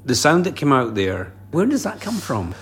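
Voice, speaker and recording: Male interviewer, curious questions, sing-song lively delivery. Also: mid-range voice, normal speed.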